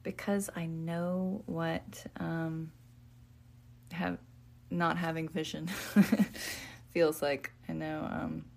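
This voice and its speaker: A woman author and podcast guest, talking in a soft-spoken, reflective way. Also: sits low, level tone, drawn-out words, gravelly, pauses often. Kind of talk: faith podcast conversation.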